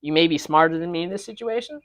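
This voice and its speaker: A man's voice: fairly high pitch, fast talker, fairly bright tone. A man ranting in casual chat with friends, rambling with many restarts and fillers. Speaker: podcast co-host. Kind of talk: casual rant among friends.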